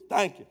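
A man preaching a sermon, emphatic and playful, swelling to loud lines. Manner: emphatic, building to loud punchlines, playful asides.

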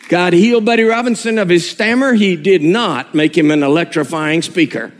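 A man preaching a sermon, telling stories in an animated, humorous way. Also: sits high, normal speed, few pauses, a faint crowd, a little hiss or hum.

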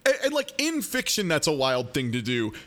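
Animated man recapping with mock outrage. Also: on the high side, normal speed. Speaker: podcast co-host. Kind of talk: casual chat.

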